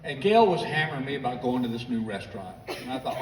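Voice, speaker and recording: An animated American comedian with a medium-pitched voice tells long stand-up stories at a quick pace, acting out their characters. The recording comes from the audience of a big theater, picked up off the stage PA, and is distant and echoey with laughter from the crowd.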